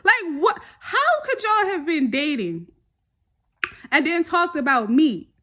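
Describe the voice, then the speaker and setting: A young woman, telling a story in a sassy, animated vlog style. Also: high-pitched, takes it slowly.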